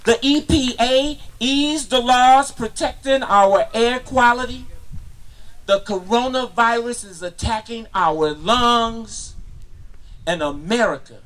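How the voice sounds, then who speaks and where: A man performing a spoken word poem at an outdoor park gathering, rhythmic and impassioned, rising at times to shouts. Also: extremely high pitch, takes it slowly, poor audio.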